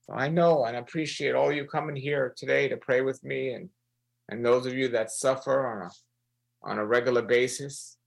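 A man leading a prayer session and preaching to listeners, earnest, repeating phrases and slowing down to stress them. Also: mid-range voice, steady tone, vocal fry, rough recording. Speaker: prayer leader. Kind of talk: sermon-style prayer broadcast.

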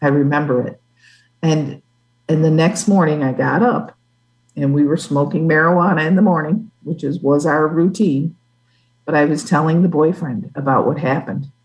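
A woman giving a personal faith testimony as a guest, earnest and halting, with restarts. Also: low-pitched, darkish tone, low-quality recording. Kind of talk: testimony in an interview.

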